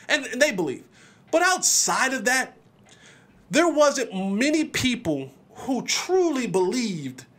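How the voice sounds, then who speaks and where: A man's voice: sits high, a bit bright. A man. He talks emphatically and with energy, stumbles over repeated words as he pushes a point, and quotes other people in his own voice. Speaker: podcast host. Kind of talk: animated sports commentary.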